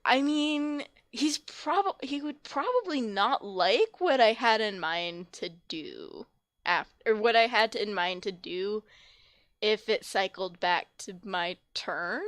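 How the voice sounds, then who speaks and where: A woman playing a tabletop game who talks slowly and in a playful way, laughing often. Her voice is recorded dry and close. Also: mid-range voice, animated, a bit bright, no room sound. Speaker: player. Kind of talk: casual tabletop game play.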